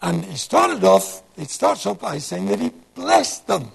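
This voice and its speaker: A man's voice: sits high, lively intonation, measured pace, gravelly, slightly rough, rough recording. A man, giving a rambling sermon talk and asking the audience questions as he digresses. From North East England. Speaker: Christian speaker.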